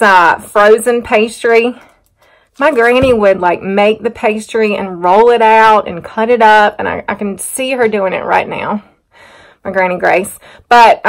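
A middle-aged woman with a drawl talks easily and at length, wandering off into side stories and poking fun at herself. She sounds at home and unhurried, like a farm vlogger chatting to her viewers. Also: mid-range voice. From North Carolina. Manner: chatty, rambling, self-teasing. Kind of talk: casual vlog chat to camera. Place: outdoors on a muddy farm, then a home kitchen.

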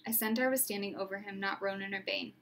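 A woman narrating a storybook aloud in a steady, expressive way. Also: mid-range voice, fast talker, vocal fry, slight background noise. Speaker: reader.

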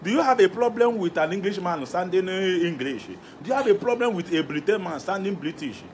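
Comic lead: young Igbo-accented man, high-pitched and boastful, faint hiss behind. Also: fairly quick. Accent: Nigerian Igbo. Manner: boastful, rambling, animated. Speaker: comedian. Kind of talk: comedy skit.

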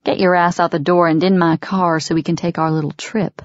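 In a dry, dull lo-fi recording with no room sound, a woman voices a menacing audiobook character: a fanatical, scornful middle-aged father who sneers and makes threats. Her natural voice is fairly low and steady, and her pace is brisk.

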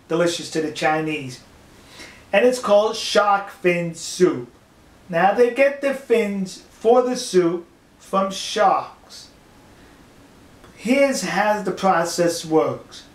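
A man, speaking, delivers a mocking, emphatic opinion rant to his viewers, stressing words slowly. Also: high voice, roomy sound. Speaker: video commentator. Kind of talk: ranting opinion monologue.

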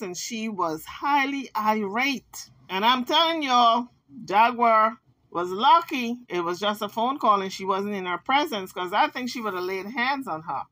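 Bright-voiced, sassy woman telling a story. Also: fairly high pitch, measured pace. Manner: animated, sassy storytelling with acted-out quotes. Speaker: commentator. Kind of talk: casual commentary vlog.

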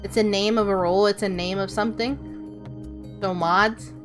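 A woman's voice: medium pitch, steady tone, normal speed, soft background music. A woman VTuber streaming a game, chatting casually with her chat, answering questions and swearing offhand. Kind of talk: casual livestream chat while gaming.

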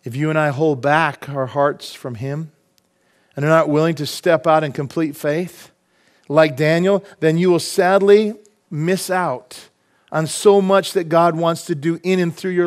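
A man's voice: on the high side, fairly even intonation, unhurried. Impassioned middle-aged male pastor preaching. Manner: impassioned preaching with rhetorical questions to the congregation. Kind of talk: sermon.

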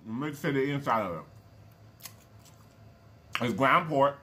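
A man's voice: mid-range voice, lively intonation, measured pace, sharp tone. A man hosting a casual eating show, folksy and chatty, calling viewers y'all and baby and humming over his food. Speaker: mukbang channel host.

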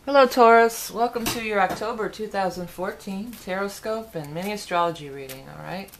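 A woman's voice: medium pitch, a little fast, slight background noise. A woman giving a casual, rambling tarot forecast, with frequent fillers and restarts. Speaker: tarot reader.

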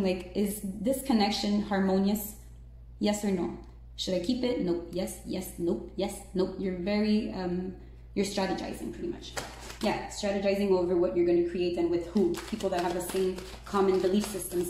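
A woman giving a casual tarot reading, chatty and excitable, peppering her talk with "like" and "right?". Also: medium pitch, a little hiss or hum. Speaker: tarot reader. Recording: very echoey room.

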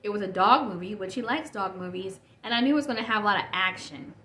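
A woman's voice: mid-range voice, fast, fairly bright tone. A woman in her thirties hosting a casual solo podcast, rambling and correcting herself as she talks. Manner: rambling, self-correcting, chatty. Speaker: podcast host. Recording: echoey room with faint noise.

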